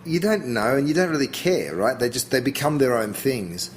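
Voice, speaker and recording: A man's voice: medium pitch, expressive, normal speed, slight background noise. A middle-aged Australian man, a chef being interviewed, talking casually and thinking aloud with frequent restarts. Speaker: chef guest.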